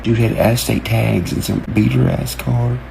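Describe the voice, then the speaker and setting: A man, ranting excitedly to camera, cursing and jumping from one topic to the next as he acts out quotes. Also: mid-range voice, measured pace, creaky, background noise. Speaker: online creator. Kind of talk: rambling rant to camera.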